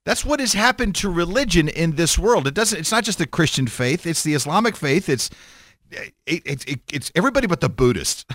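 A man giving an irreverent, sarcastic rant, animated and stammering as he goes. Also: a little high, fairly quick, no echo, studio quality. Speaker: commentator.

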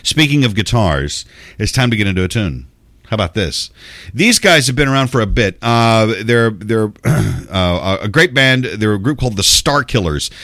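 A man's voice: fairly low pitch, animated, moderate pace, fairly bright tone, no echo, clean studio sound. A man from Memphis hosting a radio show, talking in a casual, meandering monologue with frequent restarts and fillers. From Memphis, Tennessee.

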